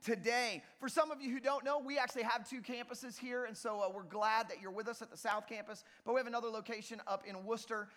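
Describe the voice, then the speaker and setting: High-pitched pastor guy giving a sermon, playful, big echoey church. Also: fast, hardly any pauses. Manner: lively, joking with the congregation. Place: church auditorium. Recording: long reverb of a church hall.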